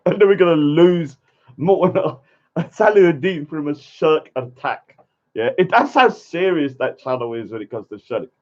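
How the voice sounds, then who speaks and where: Male streamer, argumentative rant, fairly high voice, muffled lo-fi mic. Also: expressive, unhurried. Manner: argumentative, keeps adding "yeah?" tags. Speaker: livestreamer. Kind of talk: casual livestream rant. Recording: dull lo-fi stream audio.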